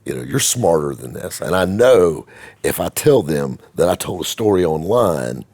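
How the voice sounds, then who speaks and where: A man's voice: low voice, sing-song, normal speed, darkish tone, slightly rough. A middle-aged man telling a rambling, folksy, self-mocking story to camera as the host of his own show.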